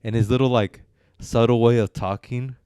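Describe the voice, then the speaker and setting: A man's voice: mid-range voice, steady tone, moderate pace, mellow, clear, resonant tone, no echo. A man co-hosting a casual film review chat, rambling and hesitant with many fillers and restarts. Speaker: podcast co-host reviewing films.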